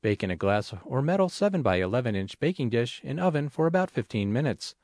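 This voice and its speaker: A man reads magazine articles aloud in a scripted way, clear and measured. His pitch moves a lot, giving the reading lots of life. The sound is dry and close, with no room echo. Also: big pitch swings, darkish tone. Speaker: reader of an audio magazine. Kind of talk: scripted read-aloud narration.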